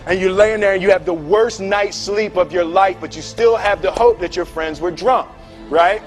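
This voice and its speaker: A man telling a story to a live audience, animated, acting out voices and laughing often. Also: sits high, moderate pace, soft background music. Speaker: speaker. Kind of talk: storytelling talk.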